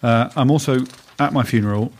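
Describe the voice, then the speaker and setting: A man hosting a comedy music podcast in a studio, rattling through absurd bits with a deadpan manner. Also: mid-range voice, fairly quick, slightly rough. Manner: deadpan, rambling absurd jokes. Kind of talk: comic banter in a music podcast. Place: recording studio.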